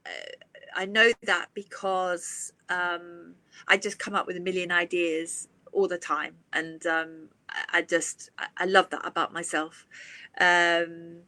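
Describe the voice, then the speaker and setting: A woman's voice: fairly low pitch, level tone, takes it slowly, sharp tone, no room sound. A woman hosting a casual live chat, talking in a chatty way with many asides.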